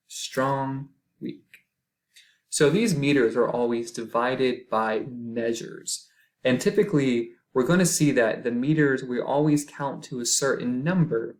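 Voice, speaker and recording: A man gives a recorded music lesson, talking at an unhurried, deliberate pace. His pitch sits right in the middle of the range. He explains step by step and counts beats out loud. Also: low-quality recording. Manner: slow, patient explaining, counting beats aloud. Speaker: music teacher. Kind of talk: recorded lecture.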